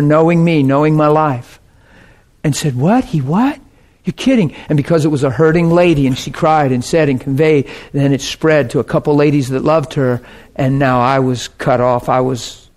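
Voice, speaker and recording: A man preaching a personal testimony, telling the story with strong feeling and swinging between soft and loud delivery. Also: a little high. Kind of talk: sermon testimony.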